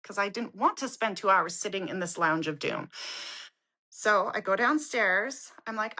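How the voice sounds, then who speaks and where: A woman's voice: on the high side, animated, moderate pace, bright, forceful tone. A woman co-hosting a casual podcast chat, telling stories with animation and acting out the people in them. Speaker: podcast co-host.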